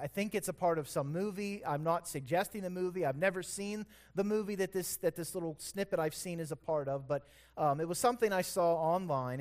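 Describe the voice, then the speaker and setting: High-voiced man preaching a conversational sermon. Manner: conversational preaching, corrects himself aloud; storytelling that builds in intensity. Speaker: pastor.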